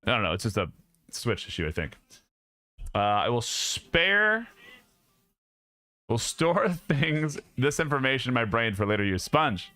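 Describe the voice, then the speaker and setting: A man's voice: mid-range voice, very animated, a little slow, pauses often, bright, forceful tone, no echo. Joking young man hosting a stream. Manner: jokey, laughing, rambling. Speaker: streamer host. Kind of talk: casual chat with stream viewers. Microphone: studio mic.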